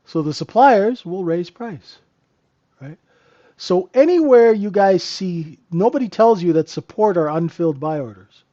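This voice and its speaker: A man's voice: high voice, lively intonation, a little slow, dark tone, muffled recording. A man hosting a live trading room, giving casual, joking market commentary and answering viewers by name. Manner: chatty, joking, talks to chat viewers by name.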